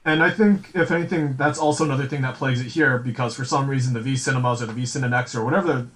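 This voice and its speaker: A man's voice: medium pitch, steady tone, rapid-fire, a bit bright, low-quality recording. A man co-hosting a podcast, rambling through a casual chat with many fillers and restarts. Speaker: podcast co-host.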